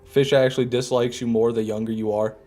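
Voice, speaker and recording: Man, gaming streamer, mellow relaxed voice, joking chat, faint game music behind. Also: medium pitch, brisk. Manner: relaxed, joking, repeats himself. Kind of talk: casual live commentary reading chat.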